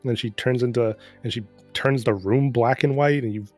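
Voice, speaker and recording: A man's voice: mid-range voice, fairly even intonation, a little fast, a little mellow, faint music behind. A man casually recapping a game's story in a rambling, profane, sarcastic way. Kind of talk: casual chat.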